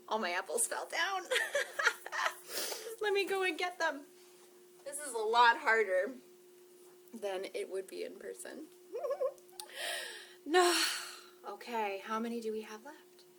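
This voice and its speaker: A woman's voice: mid-range voice, expressive, measured pace, long pauses, fairly bright tone, a little hiss or hum. A woman leading a toddler storytime, reading and doing counting rhymes in a sing-song, playful way with whispers and gasps. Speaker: children's librarian.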